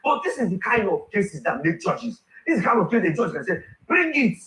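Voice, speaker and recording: Nigerian male barrister, animated panel guest, echoey room. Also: sits high, fairly quick. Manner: animated, emphatic, repeats himself. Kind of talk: talk show discussion. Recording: roomy echo.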